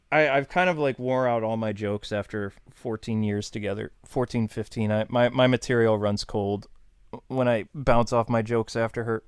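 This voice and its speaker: A man's voice: mid-range voice, steady tone, unhurried, clean tone, no echo, clean studio sound. A man in his thirties from New York, hosting a casual live stream and chatting in a rambling, self-deprecating, jokey way. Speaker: streamer host.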